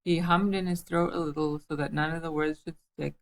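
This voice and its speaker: A woman reading a children's book aloud in a gentle, amused way. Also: low voice, steady tone, brisk, rough recording. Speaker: storybook reader.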